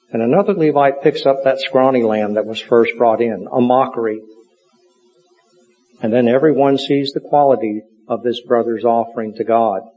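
Earnest male preacher, muffled recording. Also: mid-range voice. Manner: measured, earnest storytelling delivery. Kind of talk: sermon. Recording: dull lo-fi recording.

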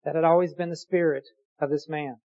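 A preacher giving a sermon, reading scripture aloud slowly and deliberately and posing rhetorical questions. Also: mid-range voice, fairly even intonation, a little mellow, lo-fi sound.

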